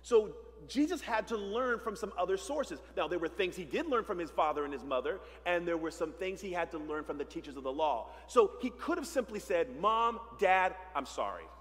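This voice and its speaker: A man's voice: high-pitched, lively intonation, a little fast. A male pastor preaching a sermon in a conversational way, full of rhetorical questions and playful asides, in a church sanctuary. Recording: long reverb of a church sanctuary.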